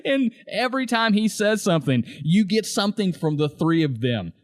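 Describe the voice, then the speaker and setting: A man's voice: high-pitched, big pitch swings, fairly quick, dry recording, studio quality. A man co-hosting a casual podcast, laughing often as he retells favorite scenes and acts out quoted lines. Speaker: podcast co-host. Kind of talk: casual podcast chat about a TV show.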